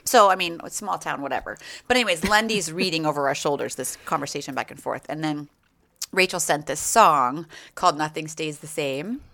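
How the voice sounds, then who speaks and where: Gravelly, animated middle-aged woman. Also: low voice, normal speed. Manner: animated storytelling, acts out quoted lines. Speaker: podcast co-host. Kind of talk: casual chat among friends.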